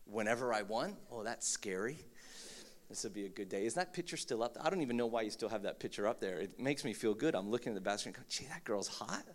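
A man's voice: lowish voice, animated, fast. A man in his thirties preaching a sermon, joking and mocking himself, with many fillers and restarts. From Philippines. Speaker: pastor. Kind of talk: humorous sermon.

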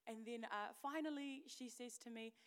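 A woman preacher giving a candid personal testimony, swinging between loud emphatic declarations and hushed, whispered lines. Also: a little high, normal speed, clean tone. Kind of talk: sermon.

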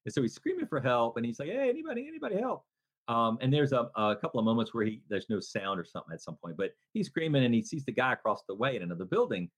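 An animated man chatting on a movie podcast, his pitch leaping up and down as he retells a scene. He rambles and restarts, and he jumps into a high, loud voice whenever he acts out a character. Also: quick pace, few pauses. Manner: rambling with many restarts and fillers. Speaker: podcast co-host. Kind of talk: casual movie podcast chat.

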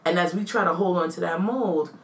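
A woman in her thirties, talking casually on a podcast. Her voice sits fairly low and she tells stories with energy, acting out quotes. A faint hum of room noise sits behind her. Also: brisk, reverberant, recorded from a distance. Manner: animated storyteller, acts out quotes, bursts into laughter. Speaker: podcast co-host. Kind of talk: casual chat.

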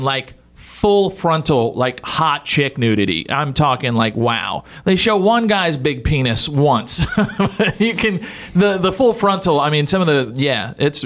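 A man in his thirties co-hosting a podcast, talking loosely and crudely and laughing often. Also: medium pitch. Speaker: podcast co-host. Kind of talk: casual crude chat.

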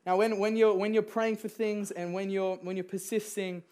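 A young man delivers a sermon as if chatting with friends. His storytelling is loose and conversational, full of fillers and quick laughs. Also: sits high, level tone, darkish tone. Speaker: preacher.

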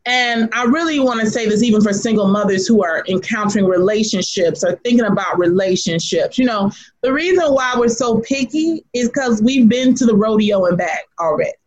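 A woman being interviewed as a guest, telling stories in an animated, laughing way and talking frankly about motherhood. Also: mid-range voice, fairly quick, hardly any pauses. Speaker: guest, artist and teacher. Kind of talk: casual storytelling interview. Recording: dull lo-fi sound.

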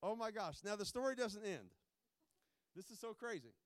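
A pastor giving informal, joking remarks before a sermon, rambling with many restarts. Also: male voice, high voice, big pitch swings, moderate pace, no echo, studio quality.

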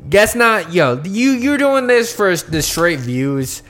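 A man's voice: high-pitched, slow. A young man co-hosting a podcast in casual, profane chat, telling stories with lots of slang. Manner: profane, animated storytelling with slang. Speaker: podcast co-host.

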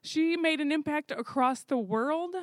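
A woman who coordinates zoo volunteers, telling a story in a chatty, animated way with fillers. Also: high-pitched, unhurried, dry recording. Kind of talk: casual storytelling.

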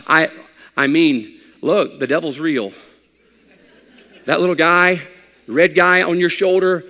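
A man with a high voice delivers a sermon with a conversational, joking manner, like a pastor talking straight to his congregation. His words trail off into a long hall reverb. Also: lively intonation, unhurried, pauses often, bright, forceful tone. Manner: conversational preaching with folksy humor.

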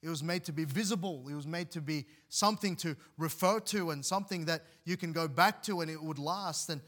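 Male pastor, sermon delivery, earnest with frequent restarts; bright, slightly high voice. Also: brisk. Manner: earnest, repeats words and restarts, reads scripture aloud.

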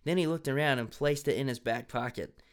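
A man's voice: mid-range voice, fairly quick. A man reading a story aloud, playfully laughing and joking about the text. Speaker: story reader.

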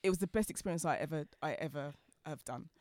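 A woman telling stories as a podcast guest, talking fast and laughing as she goes. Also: low-pitched, a little mellow, no room sound, studio quality. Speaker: guest, designer. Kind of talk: animated storytelling in conversation.

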